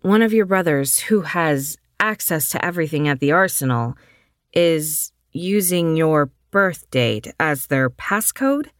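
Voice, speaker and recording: A woman voicing a determined, sharp-minded young woman who speaks firmly. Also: deep voice, expressive, measured pace, no echo, studio quality. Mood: incredulous.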